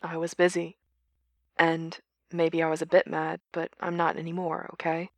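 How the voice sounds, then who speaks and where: Rich: A sleepy young man, low and quiet, his words soft and tired, as a woman reading puts him on. The sound is dry and close. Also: monotone, normal speed, no room sound.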